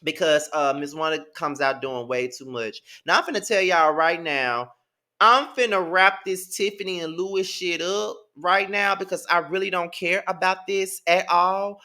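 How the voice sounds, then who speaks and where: A man in his thirties with a Mississippi Southern accent, recapping a reality show in a sassy, profane, animated way. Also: high-pitched, a little slow. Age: 30s. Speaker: TV show reviewer. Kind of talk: casual recap commentary.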